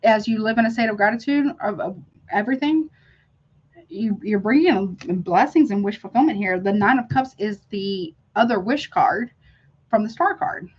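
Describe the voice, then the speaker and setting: A woman's voice: medium pitch, normal speed, breathy edge, lo-fi sound. A middle-aged woman hosting a casual live-stream tarot reading, effusive and chatty, calling her viewers honey and y'all.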